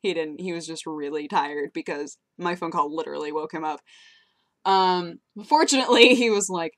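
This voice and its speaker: A woman's voice: fairly low pitch, normal speed. A young woman vlogging casually into her webcam, telling rambling stories with frequent giggles. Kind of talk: casual chatty vlog.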